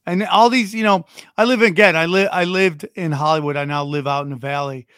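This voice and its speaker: A man's voice: a little high, fairly quick, a bit bright, clean tone, dry recording, studio quality. A man ranting profanely in casual podcast chat, stumbling and restarting his sentences.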